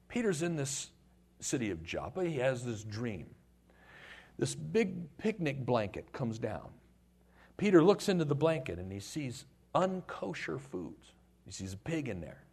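Man, middle-aged, pastor; husky, lively sermon storytelling with put-on voices. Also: mid-range voice.

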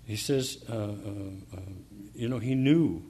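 In this sermon a man reads verses and unpacks them, pausing frequently, restarting, and using fillers, then working up to fervent emphasis. His pitch is fairly low, his tone warm and slightly rough.

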